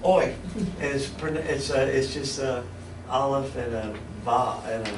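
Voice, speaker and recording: Bible teacher talking in an echoey room. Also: male voice, mid-range voice, a little slow, distant mic. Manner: conversational, stops and restarts often. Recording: echoey room, mic from afar, background noise.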